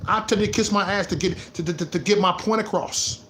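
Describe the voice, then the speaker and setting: A man ranting on his vlog, repeating himself and swinging between low muttering and loud laughing outbursts. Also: quick pace, a little hiss or hum. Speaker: vlogger. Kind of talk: unscripted livestream rant.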